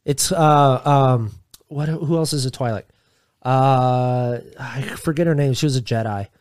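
Joking, foul-mouthed young podcast host. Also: male voice, medium pitch, measured pace, darkish tone, clean tone. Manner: joking, swears freely, rambling. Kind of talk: casual chat.

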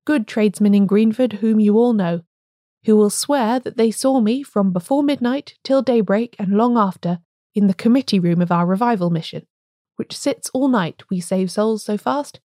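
A woman reading an audiobook, voicing a grim, fanatical male blacksmith who speaks calmly and ponderously. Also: mid-range voice, moderate pace, dry recording, studio quality, natural voice. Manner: ponderous, calm and solemn.

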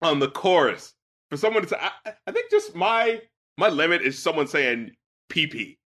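A man hosting a podcast, reviewing music in casual, animated talk, laughing often and swearing freely. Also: fairly high pitch, normal speed. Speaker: podcast host, music critic.

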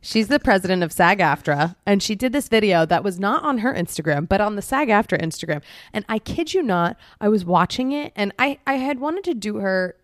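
A woman co-hosting a podcast, telling stories in an animated, casual way and saying "like" often. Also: mid-range voice, brisk, no room sound, clean studio sound. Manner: animated storyteller, heavy use of "like". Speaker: podcast co-host. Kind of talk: casual chat.

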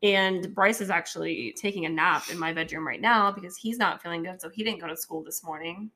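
A woman co-hosting a casual chat, telling a story and jumping into a higher voice for quoted lines. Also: fairly quick, sharp tone, a little hiss or hum. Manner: storytelling, acting out dialogue in a raised voice.

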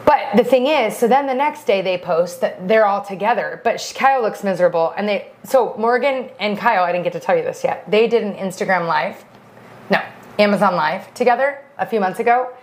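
A woman co-hosting a podcast, chatting and gossiping in an animated, storytelling way. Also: mid-range voice, fairly quick. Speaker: podcast co-host. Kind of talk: casual chat.

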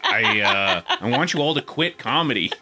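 Animated sarcastic man co-hosting a podcast. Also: mid-range voice, moderate pace. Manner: sarcastic, ranting, swears, mock voices. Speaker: podcast co-host. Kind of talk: casual comedic chat.

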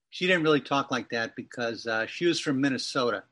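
A man's voice: medium pitch, a little fast, hardly any pauses, a bit bright. A man in his fifties from Massachusetts, a writer telling a rambling, wry personal story as an interview guest. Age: 50s. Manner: wry, digressive, self-correcting storyteller.

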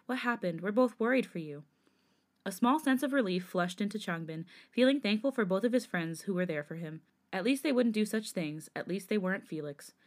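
A woman hosting a podcast reads fanfiction aloud in an even, steady way. Her voice sits at a middle pitch for a woman. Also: brisk. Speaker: podcast host.

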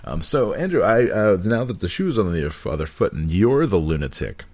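A man's voice: lowish voice, sing-song, moderate pace, background noise. A man hosting a casual chat, rambling and self-mocking, laughing often. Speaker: podcast host.

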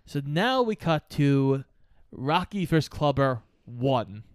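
Animated man retelling film scenes. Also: medium pitch, slow, no room sound, clean studio sound. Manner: animated storyteller, acts out quotes, swears. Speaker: podcast co-host. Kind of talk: casual chat.

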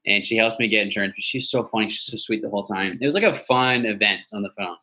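A man as a podcast guest, telling animated casual stories over a video call and swearing freely. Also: on the low side, fast, poor audio. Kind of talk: casual storytelling chat. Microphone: device mic on a video call.

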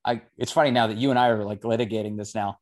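A man's voice: on the low side, steady tone, rapid-fire. A man hosting a casual conversation, talking freely with many "like" and "um" fillers.

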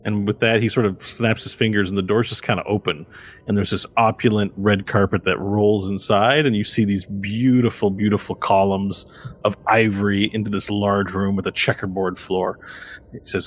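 A man narrating as game master of a tabletop game, describing scenes in a relaxed, conversational way. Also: on the low side, normal speed, breathy edge.

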